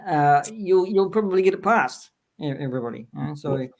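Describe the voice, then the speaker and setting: A man's voice: fairly high pitch, lively intonation, fairly quick, vocal fry. A man on a video call panel, teasing the others in a playful casual chat.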